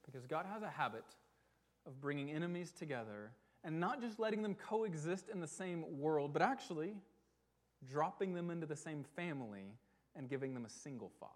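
A pastor delivering a sermon to his church, earnest and emphatic, slowing on key words and asking rhetorical questions. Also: on the high side, expressive.

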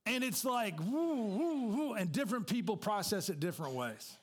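A man's voice: high-pitched, sing-song, fairly quick. A man preaching a sermon as a pastor, telling a personal story in a conversational way with asides to the congregation.

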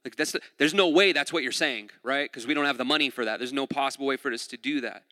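A man preaching a sermon in a relaxed, conversational way, often saying "like" and repeating words. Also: mid-range voice, quick pace, no room sound, clean studio sound, in a large hall. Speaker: pastor.

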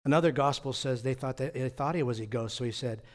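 A pastor preaching a conversational sermon, asking rhetorical questions and answering them himself, often repeating words and chuckling between points. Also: male voice, medium pitch, quick pace.

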